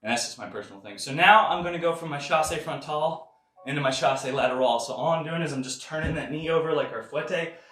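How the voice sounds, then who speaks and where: A man leading a live kung fu and tai chi workout class, counting reps with sharp exhaled breaths and chatting casually between exercises. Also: a little high, fast, reverberant, far from the mic. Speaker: martial arts instructor.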